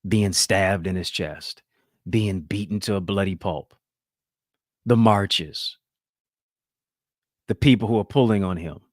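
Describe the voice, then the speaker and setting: Brief: male talk show host, low voice, dry close sound, rousing preacher-like delivery. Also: slow, long pauses, no echo. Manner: emphatic, preacher-like rhetoric. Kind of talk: motivational commentary.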